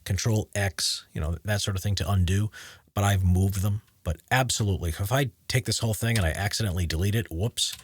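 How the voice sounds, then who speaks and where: A man's voice: on the low side, fairly quick, slightly rough, no echo, studio quality. A man with a Rhode Island accent, a voiceover artist casually explaining his editing workflow in a tutorial. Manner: relaxed, explains while clicking and typing.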